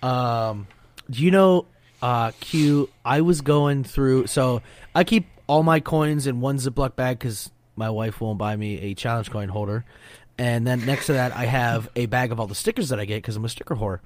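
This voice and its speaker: A man hosting a podcast, drifting through rambling, swear-filled stories in a loose, chatty way. His voice sits at an ordinary pitch and sounds close and dry, with almost no room around it. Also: moderate pace, no room sound. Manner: rambling, profane storyteller. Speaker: podcast host. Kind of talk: casual chat among Coast Guard buddies.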